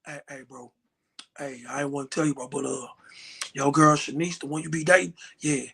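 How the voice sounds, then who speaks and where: A man voicing a deep-voiced male schoolmate who reluctantly passes on gossip in a low, hushed way. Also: little pitch movement, a little fast, vocal fry, slightly rough, full character voice. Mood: confiding.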